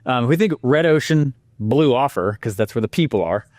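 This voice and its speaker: A man presenting a marketing lesson with energetic, animated storytelling and exclamations. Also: mid-range voice, moderate pace, dry recording, clean studio sound.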